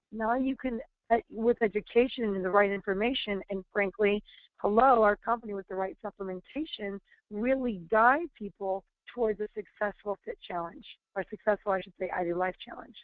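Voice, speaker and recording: A woman's voice: mid-range voice, brisk, no room sound. A woman in her thirties giving a webinar talk as a wellness trainer, telling stories in a chatty way with many fillers and restarts. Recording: tinny phone-line audio.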